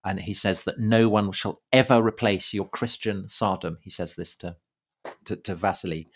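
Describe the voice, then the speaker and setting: A man co-hosting a podcast in a casual conversational style, halting often with fillers and repeated words. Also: sits low, fairly even intonation. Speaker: podcast co-host. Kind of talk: casual conversational history chat.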